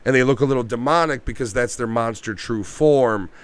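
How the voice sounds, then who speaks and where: A man's voice: mid-range voice, a little fast, no room sound. A man co-hosting a casual movie review podcast, swearing freely and acting out scenes. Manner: animated, profane, acts out quotes. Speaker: podcast co-host.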